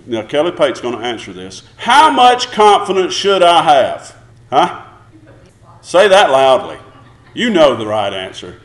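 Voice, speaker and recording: A male pastor preaches a sermon, often turning to the congregation with questions and acting out short prayers. His voice sits high and moves a great deal. The church around him sounds roomy and echoing. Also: very animated, moderate pace, fairly bright tone. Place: church sanctuary.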